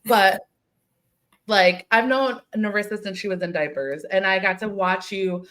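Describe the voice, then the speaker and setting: A woman's voice: mid-range voice, expressive, moderate pace, fairly bright tone. A woman hosting a casual podcast chat, gushing and emotional, repeating words for emphasis. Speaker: podcast host.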